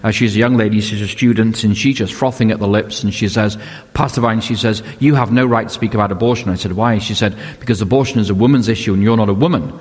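A man's voice: lowish voice, fast. Older male pastor preaching in a reverberant hall. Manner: conversational storytelling, rhetorical questions. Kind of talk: sermon.

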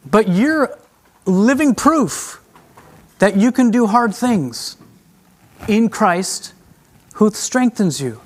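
High-voiced emotional male preacher. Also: sing-song, takes it slowly. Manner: emotional, confessional preaching that swings from hushed to raised; addresses the congregation directly as friends. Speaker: traveling preacher. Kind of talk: sermon.

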